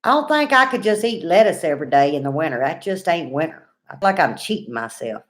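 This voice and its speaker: A woman's voice: low voice, sing-song, fast. A woman, in her forties, hosting a casual livestream, chatting folksy and greeting viewers by name while reading comments. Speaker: livestream host.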